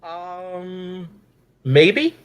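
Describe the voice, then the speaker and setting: A man's voice: sits high, fairly even intonation, very slow, clear, resonant tone. A man from New Jersey, a comic book creator guest on a casual livestream, modest and self-deprecating. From New Jersey, USA.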